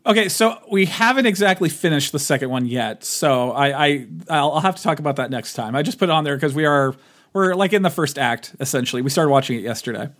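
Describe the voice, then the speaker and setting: A man talking casually about movies in a rambling, animated way. His voice sits a little high and climbs further when he gets worked up. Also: fairly quick. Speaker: podcast co-host. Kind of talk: casual chat.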